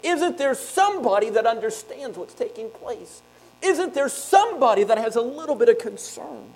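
A man preaching a sermon, reading scripture aloud and explaining it in plain talk, with sharp swings between loud and quiet. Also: very high-pitched, sing-song, normal speed, poor audio. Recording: mains hum behind the voice.

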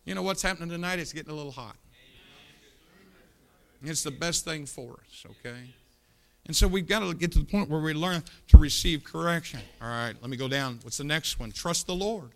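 A middle-aged male pastor, preaching a fiery sermon in a blunt, scolding way, swinging from shouts to low asides in a church auditorium. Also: a little fast, vocal fry.

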